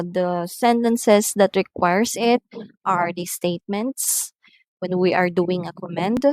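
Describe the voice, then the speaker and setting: A woman's voice: lowish voice, no room sound. A woman English teacher giving a recorded lesson on intonation and reading numbered example sentences aloud. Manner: says "so" at the start of many lines.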